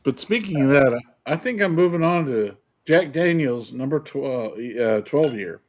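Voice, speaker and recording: A man's voice: a little high, lively intonation, normal speed, a little mellow. A man co-hosting a casual chat show, laid-back and dryly humorous. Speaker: co-host.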